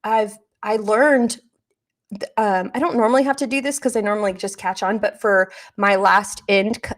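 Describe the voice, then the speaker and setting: A woman hosting a live reaction stream in casual chat, low on energy and slightly raspy near vocal fry, easily distracted and reading chat aloud. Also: fairly even intonation, normal speed.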